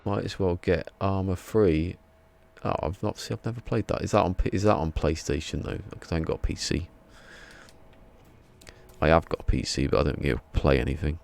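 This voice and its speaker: With vocal fry and a darkish, low voice, an English-accented man talks a little fast. He's somewhat drowsy, casually chatting on a live stream, rambling and laughing softly as he reads chat messages.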